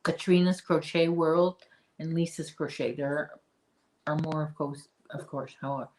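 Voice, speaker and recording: A low-pitched woman talks at an unhurried, easy pace as she hosts a crochet livestream. She chats with her viewers and picks up their comments, often stumbling and restarting her sentences. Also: fairly even intonation, darkish tone. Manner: chatty, answers viewer comments, frequent restarts. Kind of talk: casual live chat while crocheting.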